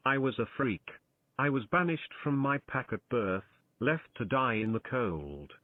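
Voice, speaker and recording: A man's voice: medium pitch, lively intonation, unhurried, no echo. A man voicing a lonely, bitter male wolf ghost with a pained sing-song manner, in a text adventure game. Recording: tinny phone-like dry sound.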